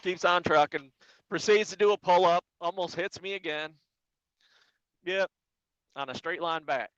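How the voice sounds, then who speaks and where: Animated trucker telling road stories. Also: male voice, sits high, unhurried, smooth, no echo, dull audio. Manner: animated storyteller, quotes people in voices. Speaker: flatbed truck driver, guest. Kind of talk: casual live-stream chat.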